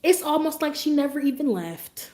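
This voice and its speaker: A woman streamer chats to her viewers in a high voice that swoops all over. She tells her stories with sass and plenty of laughter, keeping it casual and animated. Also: normal speed. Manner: sassy, animated, laughs often while telling stories. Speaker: livestreamer. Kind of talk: casual livestream storytelling.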